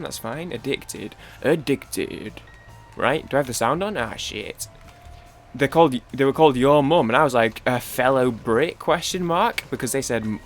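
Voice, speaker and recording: A man's voice: mid-range voice, fairly bright tone. Rambling Mancunian gamer guy. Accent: Manchester English. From Manchester, England. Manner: rambling, self-interrupting, swears, trails off mid-story. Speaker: gaming YouTuber. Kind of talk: rambling casual chat while gaming.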